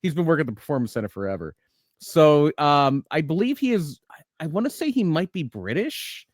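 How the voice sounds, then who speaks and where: A man's voice: fairly high pitch, brisk, no room sound, studio quality. A man co-hosting a casual wrestling podcast over a video call, talking with enthusiasm and stumbling over his restarts. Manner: animated, enthusiastic, stammers on restarts. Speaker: podcast co-host. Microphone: video call from a computer.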